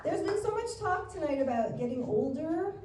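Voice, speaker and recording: A woman's voice: high voice, lively intonation, normal speed. Chatty woman comic in a noisy room. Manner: chatty, confiding, with filler hesitations. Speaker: stand-up comedian. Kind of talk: stand-up comedy set. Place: comedy club stage with live audience. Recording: roomy club sound from a distance, noisy.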